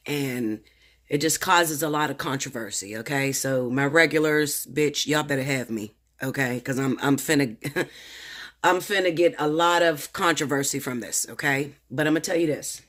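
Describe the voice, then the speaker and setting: A man's voice: medium pitch, normal speed, a bit bright. A man working as a tarot reader, talking casually to his viewers at home late at night, nervous and rambling, stammering and swearing freely in slang. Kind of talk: casual direct-to-camera talk.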